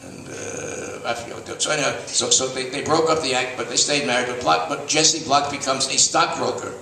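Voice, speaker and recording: Brief: older male storyteller, bright tone, rambling delivery, echoey room, off-mic. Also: mid-range voice, fairly even intonation, brisk, vocal fry, slight background noise. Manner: rambling, restarts often, raconteur. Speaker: stand-up storyteller, veteran TV host. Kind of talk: stand-up anecdotes. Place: stage before a live audience. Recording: echoey room, mic at a distance, faint ambience.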